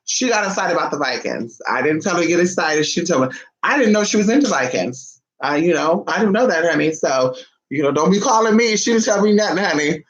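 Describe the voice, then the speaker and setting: Woman vlogger, sassy, lively swooping voice, chatty, calls everyone honey. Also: brisk, muffled recording. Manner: animated, jumps between high and low voice. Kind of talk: casual chat to camera.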